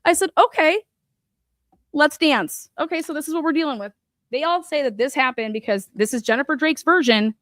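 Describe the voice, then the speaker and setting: A woman hosting a true crime show, her voice sitting high as she talks bluntly and swears freely. She piles on fillers while she retells the case, and the sound is dry and close. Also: quick pace, fairly bright tone, no echo. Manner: profane and blunt, retelling events with lots of fillers. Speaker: host. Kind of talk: true crime podcast chat.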